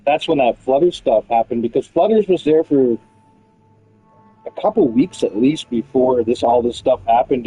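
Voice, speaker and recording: A man's voice: medium pitch, warm tone, slightly rough, muffled recording. A man telling a long, meandering story about other players in casual chat, swearing freely. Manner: loose, meandering, peppered with swearing and fillers.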